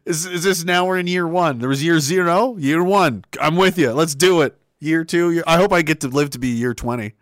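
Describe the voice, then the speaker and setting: A man's voice: on the high side, a little fast, few pauses, no echo, studio quality. A man hosting a casual stream, cursing freely, laughing a lot and reading out viewers' messages at home. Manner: crude, swears freely, laughs often. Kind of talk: casual chat. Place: home setup with a webcam.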